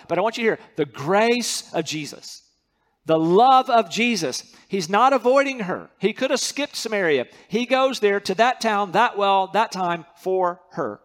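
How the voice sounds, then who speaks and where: A man's voice: high voice, expressive, measured pace, fairly bright tone. A man preaching a sermon as pastor, earnest and emphatic, repeating key words to drive them home.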